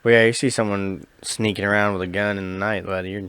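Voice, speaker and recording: A man's voice: fairly low pitch, fairly even intonation, fairly bright tone, clear, resonant tone, dry recording. A man co-hosting a podcast, chatting casually, jumping in with comments and telling his own short story. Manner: quick, chatty, chimes in. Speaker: podcast co-host. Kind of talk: casual chat.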